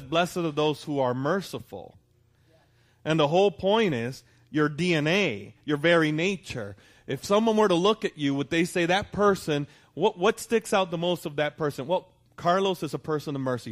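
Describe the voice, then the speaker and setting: A middle-aged man preaching a sermon as pastor, animated and asking the congregation for responses. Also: fairly high pitch.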